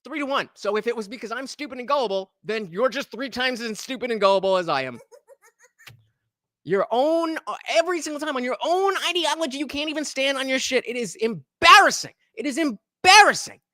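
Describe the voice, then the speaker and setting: A man reads chat messages aloud and jabs back at them with sarcasm, his pitch leaping around as he talks. His voice is forceful and bright. It sits close and dry, with no room around it. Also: animated, brisk, dry recording. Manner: sarcastic, mocking; swings from loud outbursts to mumbling. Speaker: streamer. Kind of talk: live-stream chat reading and reaction.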